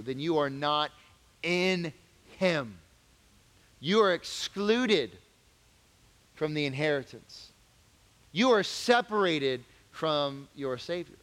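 A man teaching a youth group Bible lesson as a youth pastor, conversational and animated, rising to emphatic questions. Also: a little high, long reverb tail.

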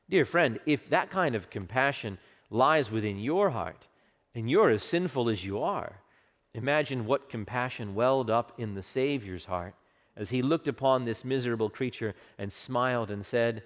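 A man preaching a sermon with passion, dropping to a hush for quoted words and rising for emphasis. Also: mid-range voice, animated, normal speed. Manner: impassioned preaching, hushed quotes, swelling emphasis. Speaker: pastor. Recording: long hall reverb.

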